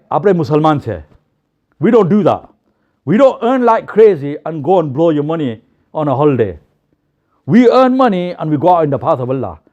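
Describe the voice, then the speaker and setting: Young preacher, animated storyteller, bright high voice, slightly muffled recording. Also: male voice. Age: young adult. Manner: lively, animated storytelling with acted quotes. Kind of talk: storytelling sermon. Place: mosque.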